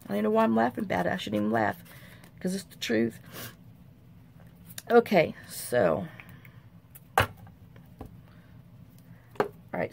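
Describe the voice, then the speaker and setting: Gravelly, folksy woman crafting. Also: medium pitch, a little hiss or hum. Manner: rambling, folksy and self-mocking. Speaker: crafting tutorial host. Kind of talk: chatty crafting tutorial.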